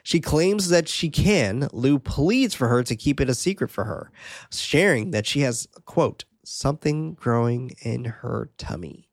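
A man's voice: fairly high pitch, animated, unhurried, dry recording, clean studio sound. A man hosting a podcast, casually narrating a film's scenes and commenting with occasional swearing. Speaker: podcast host recapping a film. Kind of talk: casual film recap.

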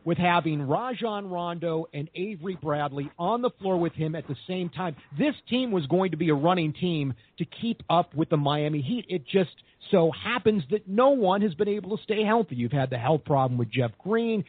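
A man's voice: high voice, expressive, normal speed, hardly any pauses, breathy edge, dry recording. A man hosting a sports talk podcast, talking in an upbeat, optimistic way. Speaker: podcast host. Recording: phone-like line.

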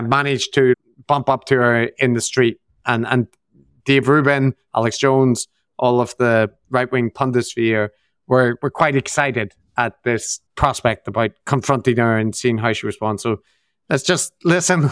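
A man co-hosting a podcast, giving casual, animated commentary on media clips with frequent restarts. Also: mid-range voice, clean tone, no echo, studio quality. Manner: animated, exasperated critique with restarts. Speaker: podcast co-host.

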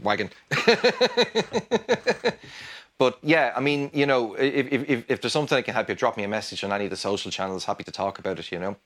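Fast-talking Irish man, rambling guest. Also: lowish voice. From Ireland. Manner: rambling and animated, with frequent restarts and laughter. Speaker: guest guitarist. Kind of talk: casual interview chat.

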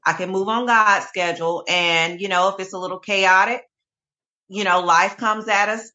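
A woman gospel singer, a guest in a casual interview, talking in a calm, easygoing way. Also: medium pitch, moderate pace.

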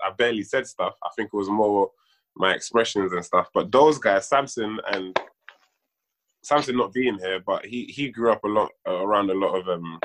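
A man's voice: lowish voice, noisy background. A man, a sketch comedy actor chatting as a podcast guest, joking and mocking himself. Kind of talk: casual podcast chat.

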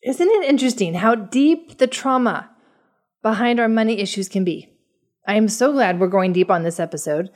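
Woman podcast host explaining calmly. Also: a little high, normal speed. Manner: calm, explanatory. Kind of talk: scripted host narration.

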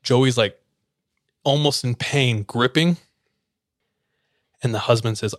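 A man at mid pitch, a podcast host telling a story in a casual, dramatic way and voicing the chants he quotes. His voice is recorded close and dry, with no room sound. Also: slow pace, pauses often, no echo.

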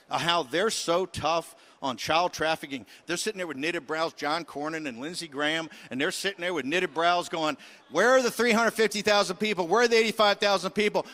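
A middle-aged man hosting a political talk show, ranting combatively and shouting in bursts. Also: sits high. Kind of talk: fiery political rant.

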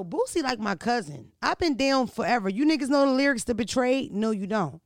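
A woman, hosting a podcast and telling stories in a brash, profane, animated way. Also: a little high, fast talker, creaky, hardly any pauses, no room sound, clean studio sound. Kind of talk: casual storytelling chat.

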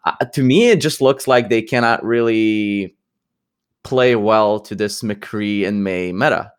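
A man co-hosting an esports talk show, giving loose casual analysis with fillers and quick asides. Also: on the low side, clear, resonant tone. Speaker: esports podcast co-host. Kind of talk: casual chat.

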